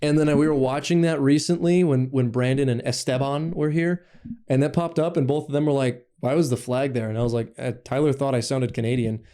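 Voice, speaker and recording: A man's voice: fairly even intonation, a little fast, dark tone. A young man co-hosting a casual podcast, rambling through stories, swearing freely and mimicking others. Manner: rambling storyteller, swears, imitates people in a higher voice. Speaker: podcast co-host. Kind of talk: casual chat.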